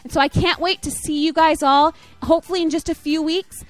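A woman's voice: high voice, steady tone, a little fast, faint music behind. A young woman leading a children's church message online, encouraging and telling a story. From Michigan, USA. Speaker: children's ministry leader.

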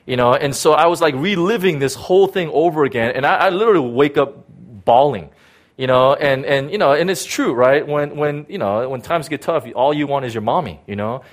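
A middle-aged man, a pastor, giving a personal testimony in a sermon. He talks haltingly, repeating words and filling with "you know.". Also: fairly high pitch, lively intonation.

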